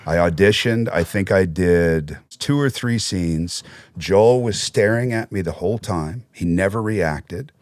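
A man talking as a podcast guest, telling animated anecdotes in casual, swearing conversation on a studio mic. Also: deep voice, unhurried, no room sound.

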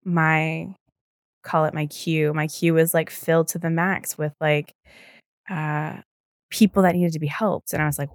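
A young woman hosts her own podcast, her low, gravelly voice sounding tired as she yawns from time to time. She rambles casually at a moderate pace, full of fillers and relaxed swearing. The recording is dry and clean, studio-style.

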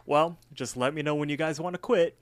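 A man's voice: on the high side, fairly even intonation, no room sound, pitched above the performer's own voice, natural voice. Man doing a smug gloating boss. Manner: drawn-out, gloating. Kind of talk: podcast episode recap.

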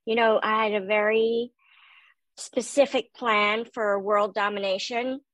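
Woman, middle-aged, nasal youthful voice, lively self-deprecating storyteller, dry close recording. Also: medium pitch, unhurried, no room sound, low-quality recording. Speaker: voice actor guest. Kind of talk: casual interview chat.

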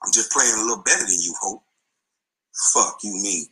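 A man's voice: on the low side, normal speed, sharp tone, rough recording. A man in an angry, profane rant, taunting and repeating insults. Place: front seat of his car.

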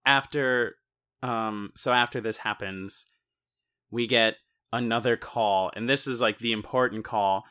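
A man's voice: fairly low pitch, steady tone, unhurried, bright, forceful tone, clean tone. A man co-hosting a casual podcast, talking through a movie in rambling, self-interrupting sentences with joking asides. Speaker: podcast co-host. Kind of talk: casual movie-recap chat.

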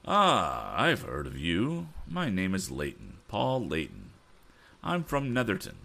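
A man's voice: on the low side, huge pitch swings, slow, gravelly, pushed and bright, voice pushed up, full character voice. A man reading the part of a friendly adult racing driver who talks in a chatty, admiring way.

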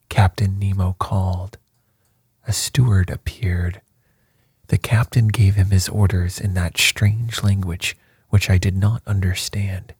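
Man narrating an audiobook, very deep, husky, dark tone, slow and measured, dry close sound. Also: fairly even intonation, no echo. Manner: measured and formal. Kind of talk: scripted first-person narration.

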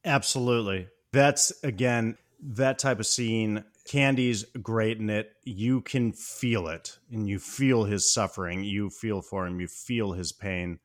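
Low-voiced man reacting on a movie podcast. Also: measured pace, few pauses. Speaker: podcast co-host. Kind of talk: casual movie chat.

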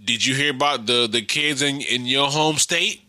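A man co-hosting a casual podcast chat, excitable and enthusiastic, a father talking about his kids. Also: medium pitch, moderate pace, dry recording. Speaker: podcast co-host.

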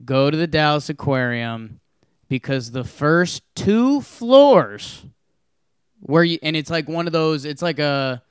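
A man's voice: fairly high pitch, lively intonation, slow pace, clean tone, dry recording, studio quality. A man co-hosting a podcast in casual chat, telling rambling jokey stories. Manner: rambling, joking storyteller. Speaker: podcast co-host.

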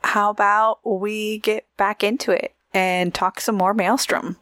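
A woman's voice: mid-range voice, level tone, a little slow, fairly bright tone, no room sound, clean studio sound. A woman from Oregon co-hosting a podcast in casual, chatty talk, laughing often. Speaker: podcast co-host.

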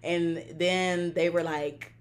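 Animated American woman telling a story. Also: fairly low pitch, slow pace. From United States. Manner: animated, laughs often, acts out quotes. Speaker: podcast co-host. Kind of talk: casual storytelling chat.

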